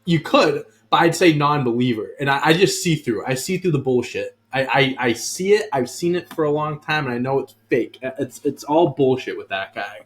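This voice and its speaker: A man's voice: mid-range voice, animated, normal speed, few pauses. A man co-hosting a sports podcast, talking casually and bluntly, often restarting his sentences. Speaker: podcast co-host.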